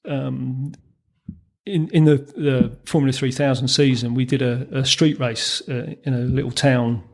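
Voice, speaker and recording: As a podcast guest, a former racing mechanic tells anecdotes, chuckling through them with frequent ums and restarts. His medium-pitched voice is steady and unhurried.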